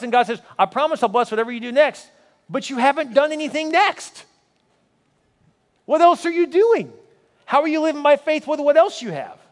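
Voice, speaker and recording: High-voiced pastor preaching in a hall. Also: male voice. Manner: storytelling, then rising emphatic preaching with repeated rhetorical questions. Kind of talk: sermon. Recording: hall reverb.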